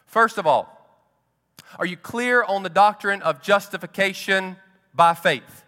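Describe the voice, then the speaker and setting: A man voicing a flustered, officious male angel who questions quickly, in a long hall reverb. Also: high voice, pushed and bright.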